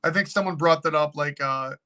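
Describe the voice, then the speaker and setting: Animated, swearing man telling a story. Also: fairly high pitch, fairly quick. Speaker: haunted location owner, guest. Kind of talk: casual storytelling.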